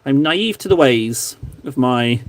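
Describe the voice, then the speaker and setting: A man's voice: medium pitch, lively intonation, a little slow. An Englishman hosting a casual livestream while painting miniatures at home. He rambles, jokes about himself, and chats with his viewers into a close streaming microphone. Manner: rambling, self-deprecating, joking.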